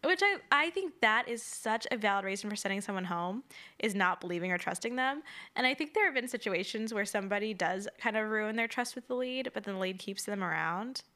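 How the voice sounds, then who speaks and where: A woman's voice: mid-range voice, expressive, fairly quick, pushed and bright. A woman co-hosting a podcast in casual recap chat, chatty and opinionated with lots of "like" fillers. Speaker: podcast co-host.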